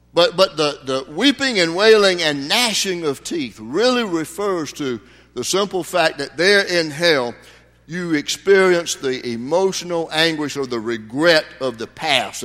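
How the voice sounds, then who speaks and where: A man's voice: a little high, bright, forceful tone. Emphatic preacher man in echoing hall. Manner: folksy preaching with sudden emphatic rises. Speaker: pastor. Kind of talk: sermon. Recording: long hall reverb.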